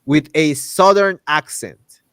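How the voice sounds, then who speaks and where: Animated man ranting. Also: on the high side, slow pace, smooth, no room sound. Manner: animated, indignant, many restarts. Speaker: host. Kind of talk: casual podcast rant.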